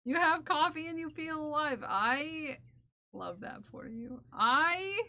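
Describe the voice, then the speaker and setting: A woman with a high, bright voice chats unhurriedly on a live stream while she knits. She is playful and laughs often, teasing her viewers and scolding her cat. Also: lively intonation, takes it slowly. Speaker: knitting streamer. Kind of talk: casual live-stream chat.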